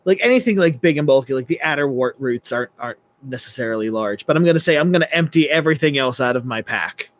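A man's voice: medium pitch, expressive, fast talker, hardly any pauses, fairly bright tone. A man playing in a tabletop game, chatting casually in a rambling, hesitant way with many restarts. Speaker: player.

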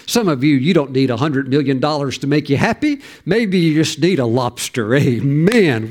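A man's voice: a little high, sing-song, measured pace. A man preaching a sermon, telling a story and breaking into exclamations and calls for amen.

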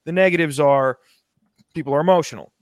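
A man's voice: on the high side, quick pace, dry recording, clean studio sound. A man co-hosting a podcast, talking bluntly and crudely in loose, rambling sentences. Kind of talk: casual podcast chat.

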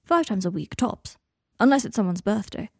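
A woman reading fiction aloud, voicing a sober, guarded young man who gives short, flat replies. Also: mid-range voice, moderate pace, breathy edge, no room sound, clean studio sound. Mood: curt.

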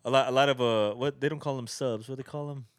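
A man's voice: mid-range voice, fairly even intonation, fast, no room sound. A man co-hosting a podcast in casual chat, playful and teasing. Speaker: podcast co-host.

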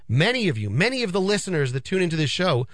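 A middle-aged man hosts a radio finance show in a chatty, animated way, stacking repeated phrases for emphasis. His voice sits a little high and swings widely in pitch. It comes through a close studio mic that sounds dry. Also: fast talker, dry recording. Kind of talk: casual radio talk. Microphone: studio microphone.

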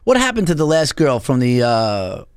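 A middle-aged man hosting an interview, pressing his guest with teasing, rapid-fire questions. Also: mid-range voice, very animated, clear, resonant tone, no echo, studio quality. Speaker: host. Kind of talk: casual interview.

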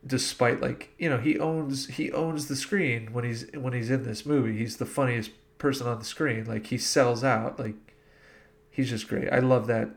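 A man's voice: mid-range voice, steady tone, normal speed, gravelly. A man hosting a casual movie podcast, leading the questions with enthusiasm. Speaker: podcast host.

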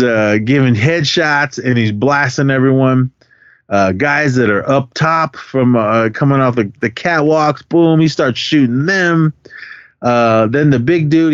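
A man's voice: medium pitch, clear, resonant tone, no echo. A man co-hosting a podcast, rambling through a film recap in casual chat, laughing often and filling gaps with "uh". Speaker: podcast co-host. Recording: dry, dull lo-fi sound.

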